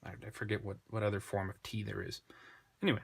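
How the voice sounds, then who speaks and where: Slow, low-voiced man thinking aloud. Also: little pitch movement, creaky, slightly rough. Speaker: Greek tutor. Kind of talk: unscripted screen lesson.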